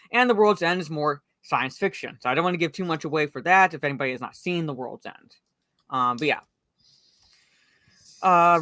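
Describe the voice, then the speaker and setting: A woman's voice: fairly low pitch, a bit bright, no echo, clean studio sound. Chatty woman hosting a live stream. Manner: chatty, greets viewers and reads chat messages aloud, frequent fillers. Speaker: livestream host. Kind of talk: casual live-stream chat about a movie.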